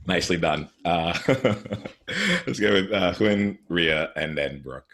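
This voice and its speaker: A man hosting a video call, calmly directing who speaks next. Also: deep voice, unhurried. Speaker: host.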